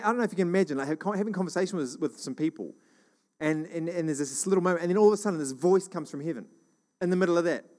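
Guy preaching casually, bit high voice, animated and chatty, lots of restarts. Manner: conversational, animated, many restarts. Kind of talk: sermon.

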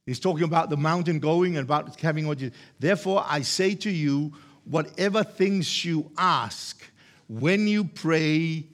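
Slow, high-voiced male preacher. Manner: repetitive, emphatic, rising to loud exhortation. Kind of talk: sermon.

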